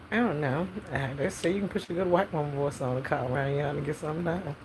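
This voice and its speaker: A woman's voice: low-pitched, fast talker, hardly any pauses, darkish tone, a little hiss or hum, rough recording. Sassy, profane woman storyteller. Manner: profane, sassy, laughs often. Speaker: podcast host telling a story in character. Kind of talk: freestyled comic storytelling.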